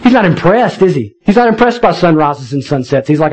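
A male pastor delivering a sermon with a high-pitched voice. He talks in a conversational, animated way and drops in wry asides to his listeners. Faint music plays underneath. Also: fairly quick, husky, low-quality recording.

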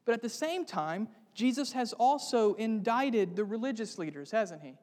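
High-voiced preacher in a reverberant hall. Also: male voice, lively intonation, moderate pace, few pauses, darkish tone. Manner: earnest preaching, asks the congregation questions. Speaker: pastor. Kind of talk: sermon.

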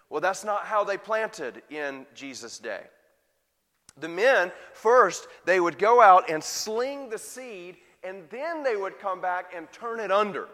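Bright-voiced preacher in a reverberant hall. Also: male voice, high voice. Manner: rhetorical questions to the congregation. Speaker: pastor. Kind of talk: sermon.

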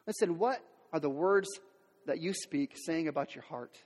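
Preaching as pastor, a man speaks at a moderate pace in a fairly high, somewhat mellow voice. The sermon is candid and conversational, loaded with fillers and restarts, and he acts out the quoted words of ordinary people. A long hall reverb is audible.

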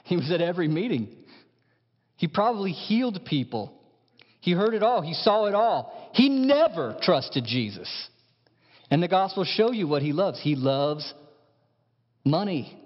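A man preaching a sermon as pastor, impassioned, dropping to hushed lines and rising to emphatic ones. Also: sits high, very animated, unhurried, pauses often. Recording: dull sound in a large reverberant hall.

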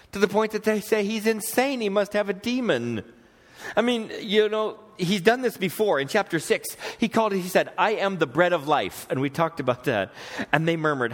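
A middle-aged man preaching to his congregation with a slightly high-pitched voice. He talks in an easy, conversational way, reads scripture aloud and stops to ask the room questions. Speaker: pastor. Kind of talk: sermon. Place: church sanctuary.

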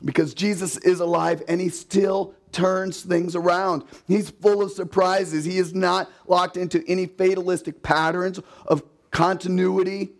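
A man's voice: high-pitched, flat delivery, measured pace, hardly any pauses. A man preaching a sermon in a conversational way, with rhetorical questions and emphatic repetition, and acting out the voices he quotes. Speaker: pastor.

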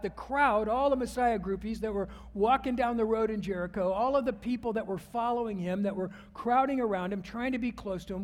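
A male pastor preaching a sermon, retelling a Bible story and often dropping into a hushed voice. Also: sits high, big-room sound, a little hiss or hum. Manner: storytelling, drops to a hushed voice for the retold scenes.

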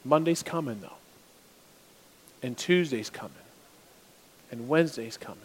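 A man preaching a sermon as pastor, swinging between loud urgent stretches and hushed asides. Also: mid-range voice, a little slow, long reverb tail. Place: church sanctuary.

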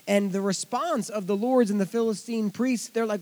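A male pastor teaching through a Bible passage in an animated sermon voice that runs high for a man. He mixes scripture reading with chatty asides to the congregation, rising to loud emphasis and dropping to quiet remarks. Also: moderate pace.

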